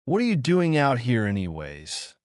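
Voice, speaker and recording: A man voicing a calm, guarded teenage boy ninja who speaks nonchalantly in a fan fiction reading. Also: mid-range voice, normal speed, smooth, no echo, studio quality, voice pushed up.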